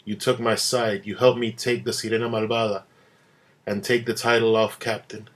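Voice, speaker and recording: A man playing pirate captain, stern, blunt, commanding, low voice, flat delivery. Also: normal speed, close to an everyday voice. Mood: pressing. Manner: blunt, questioning.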